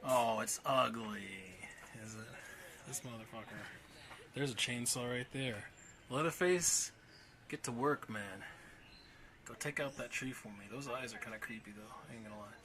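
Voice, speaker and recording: A man livestreaming casually outdoors in a backyard, talking in a rough, joking, swearing way. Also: mid-range voice, fairly even intonation, normal speed, crowd noise. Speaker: streamer. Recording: loud outdoor background noise.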